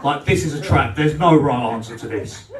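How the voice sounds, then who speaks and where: A man's voice: a little high, normal speed, a bit bright. A man doing a live stand-up set, teasing the crowd and acting out rows with his girlfriend. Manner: cheeky, swearing, acts out quarrels. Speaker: stand-up comedian. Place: club function room on stage. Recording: roomy live sound from far off.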